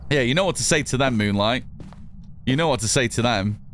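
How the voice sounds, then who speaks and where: A man's voice: medium pitch, expressive, brisk, a bit bright, a little hiss or hum. Chatty northern English man streaming. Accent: mixed northern English. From northern England. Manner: chatty, reads chat aloud, swears casually. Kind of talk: casual gameplay commentary.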